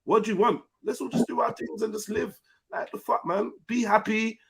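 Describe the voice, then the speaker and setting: A man's voice: high voice, fairly even intonation, moderate pace, a bit bright, slight background noise. A man hosting a heated online panel, blunt and slangy with plenty of swearing. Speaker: panel host.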